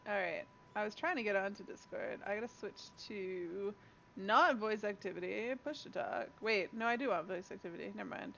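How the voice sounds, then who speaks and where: A woman's voice: mid-range voice, normal speed, vocal fry, fairly bright tone, a little hiss or hum. Chatty Canadian woman streaming games. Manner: chatty, laughs often, talks to chat and a friend. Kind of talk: casual gaming stream chat. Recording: dull lo-fi stream audio.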